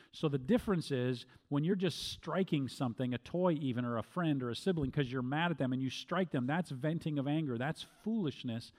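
Calm, measured pastor, middle-aged man. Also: mid-range voice. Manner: calm, measured, with frequent restarts. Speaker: pastor answering questions. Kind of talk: Q&A teaching talk.

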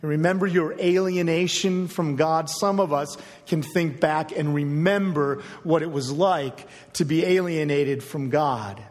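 A male pastor preaching a sermon, emphatic and deliberate, slowing down to stress key phrases. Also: on the high side. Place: church sanctuary. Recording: long hall reverb.

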